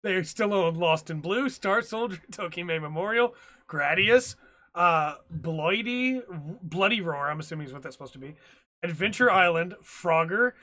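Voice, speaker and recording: Young male podcast co-host, high and bright, chatty and laughing, animated storyteller. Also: moderate pace. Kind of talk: casual chat.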